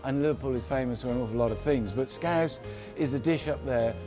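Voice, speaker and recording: A man's voice: mid-range voice, fairly quick, music in the background. Chatty man from London explaining a recipe. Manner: chatty, rambling, corrects himself. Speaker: cook. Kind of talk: casual cooking demonstration.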